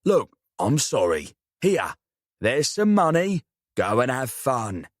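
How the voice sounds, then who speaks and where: A man's voice: medium pitch, very animated, slow pace, no echo, studio quality. A man doing a cheeky South London uncle. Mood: coaxing. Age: middle-aged. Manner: cheeky, teasing. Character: brash middle-aged man, a joking uncle.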